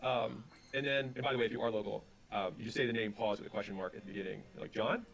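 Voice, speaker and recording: A man with a fairly low, creaky voice talks about business and sales. He tells stories in a rapid, animated way, quoting the back-and-forth dialogue, and then offers advice.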